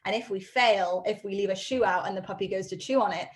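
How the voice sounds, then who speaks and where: Woman, dog trainer, live video-call class, upbeat, chatty, lots of ums, mid pitch. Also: fast. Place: home study.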